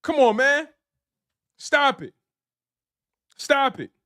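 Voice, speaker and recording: A man's voice: extremely high pitch, big pitch swings, extremely slow, sharp tone, dry recording, studio quality. A man hosting a live sports stream, delivering a repetitive, preachy rant in heavy slang. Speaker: sports show host.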